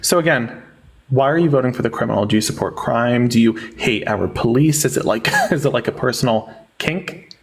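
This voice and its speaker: A man's voice: medium pitch, brisk, husky. A young man hosting a live online debate, mocking and sarcastic, often cutting his guests off. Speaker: livestream debate host.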